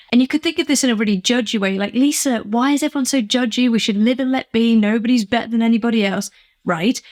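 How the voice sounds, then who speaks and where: A woman's voice: a little high, a little mellow. Earnest, emphatic woman motivational coach. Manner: earnest, emphatic, acts out little quoted exchanges. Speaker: business coach. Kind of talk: motivational vlog talk.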